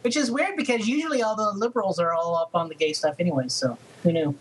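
A man's voice: sits high, fast, slight background noise, poor audio. A man co-hosting a comedy podcast who reads news stories and throws in sarcastic quips. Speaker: podcast co-host. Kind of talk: casual comedic news chat.

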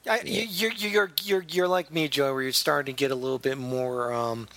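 Bright-voiced man hosting a podcast. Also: medium pitch, moderate pace, no room sound. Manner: jokey, stumbling restarts. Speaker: podcast host. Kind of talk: casual chat, reading news.

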